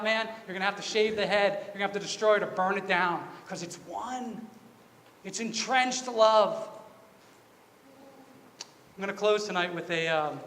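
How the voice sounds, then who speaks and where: High-voiced preacher in a big hall. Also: male voice, a bit bright. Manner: earnest, confessional storytelling with repeated phrases. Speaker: pastor. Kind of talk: sermon. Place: church sanctuary. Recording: reverberant church hall with faint ambience.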